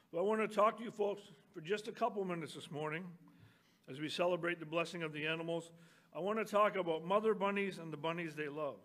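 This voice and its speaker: Older guy pastor, high voice, gentle storyteller sermon in church. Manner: gentle storytelling, reads a children's book aloud to the congregation.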